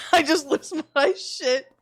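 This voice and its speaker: A woman's voice: sits high, extremely slow, a little hiss or hum. A woman streaming from home, chatting casually while gaming, laughing often and speaking candidly with some swearing.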